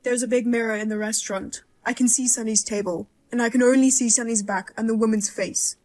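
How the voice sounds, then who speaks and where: A woman plays a blunt mother-in-law with a fairly high voice, sharp-tongued and quick to outrage. Her dark jokes come out in a cutting, vivid way in this dramatized story. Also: steady tone, lightly acted.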